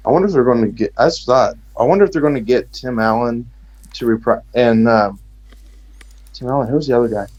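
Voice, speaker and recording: A man's voice: mid-range voice, a little fast, a little mellow, lo-fi sound. Rambling american guy on a call. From Texas. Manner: rambling, joking, sarcastic. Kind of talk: casual chat.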